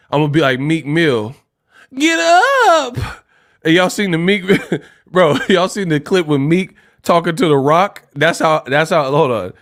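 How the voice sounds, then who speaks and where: A man's voice: a little high, a bit bright, no room sound, studio quality. A young man hosting a casual boxing livestream, joking around and laughing often. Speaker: livestream host.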